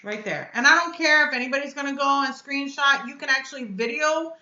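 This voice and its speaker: A high, bright-voiced woman hosts her own live stream and vents bluntly, upset and cursing. The sound is dull and lo-fi, with an echoey room around her. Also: brisk. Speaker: vape reviewer and channel host.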